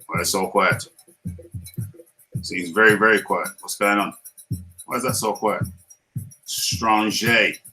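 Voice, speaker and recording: A man's voice: lowish voice, steady tone, a little slow, long pauses, bright, forceful tone, faint music behind, low-quality recording. A man with a British accent hosting a casual live stream, playful and laughing often, repeating his lines as he reads the chat.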